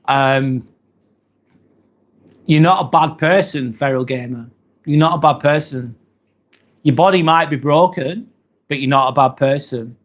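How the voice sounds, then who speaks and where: A man's voice: fairly high pitch, unhurried, pauses often. A man, hosting a live stream and chatting casually through viewer comments, earnest and hesitant, with many ums and apologies. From England. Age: 40s.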